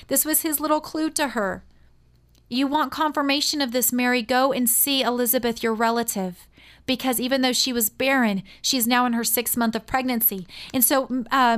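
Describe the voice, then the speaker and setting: A woman's voice: sits high, fairly bright tone. A woman teaching a sermon, telling a Bible story expressively and reading scripture aloud.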